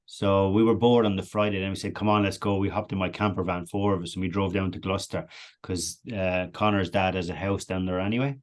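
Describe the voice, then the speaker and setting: A man with an Irish accent spins a long, rambling anecdote, his voice sitting a little low. He talks casually and keeps breaking into laughter as he goes. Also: fairly quick. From Ireland. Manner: animated anecdotal, laughs often. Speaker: podcast guest. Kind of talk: casual storytelling.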